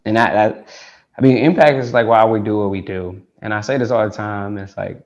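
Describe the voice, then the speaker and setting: Low-voiced founder, rambling on lo-fi audio. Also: male voice, steady tone, fairly quick. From Detroit, United States. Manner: rambling, heavy with "like" and restarts. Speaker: tech founder, guest. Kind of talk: casual interview talk. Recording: dull lo-fi call audio.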